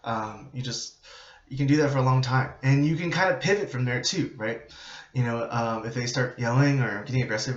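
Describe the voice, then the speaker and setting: A man teaching students about nursing in a relaxed, conversational way. He uses frequent fillers and tag questions as he explains. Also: mid-range voice, brisk. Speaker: psychiatric nurse instructor. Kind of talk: informal lecture to students. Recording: roomy, dull lo-fi recording.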